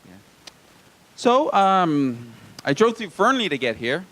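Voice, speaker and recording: A man's voice: high voice, very animated, slow pace, fairly bright tone. A man from Hawaii doing a live stand-up set in a small comedy club, with self-deprecating, wry asides to the crowd.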